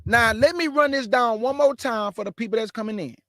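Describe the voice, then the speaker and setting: High-voiced fast-talking preacher man. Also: fairly bright tone, no room sound, studio quality. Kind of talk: live-streamed bible teaching.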